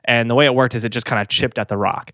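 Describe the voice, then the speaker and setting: On a casual podcast recorded with studio quality and no room sound, a male co-host tells a story into a downward-pointed mic, a bit out of breath and slightly sick. His mid-range, fairly even voice is fast and sharp, rambling with many fillers and restarts, and he laughs easily.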